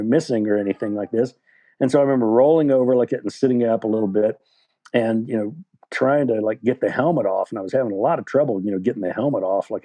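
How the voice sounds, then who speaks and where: A guest author in his sixties from West Virginia, USA, tells a casual anecdote in an interview with a relaxed, mellow, medium-pitched voice. His delivery is loose and chatty, rambling with lots of "like" and "you know," and he laughs at his own story.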